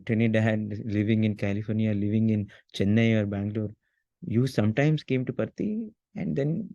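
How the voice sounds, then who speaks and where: A man, an interview guest, talking in an earnest, halting way with frequent restarts as he recounts a personal memory. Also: medium pitch, dark tone, no room sound, muffled recording. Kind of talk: emotional personal reminiscence.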